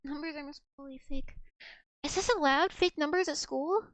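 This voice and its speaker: High-pitched chatty young woman streamer. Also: moderate pace, a bit bright, no echo. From United States. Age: young adult. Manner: chatty, rambling with frequent restarts and giggles. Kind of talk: casual livestream chat.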